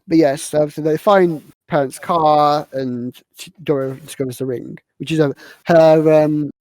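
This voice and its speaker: A woman's voice: low-pitched, steady tone, measured pace, darkish tone, no echo. Woman, podcast host, casual movie recap, filler-heavy, dead dry sound. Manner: rambling, filler-heavy retelling of scenes.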